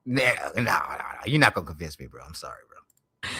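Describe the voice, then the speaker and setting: A man's voice: deep voice, sing-song, a little fast, bright, forceful tone, breathy edge, no room sound, studio quality. Swearing man reacting to a video. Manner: incredulous, swears heavily, says "bro". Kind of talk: profane reaction commentary.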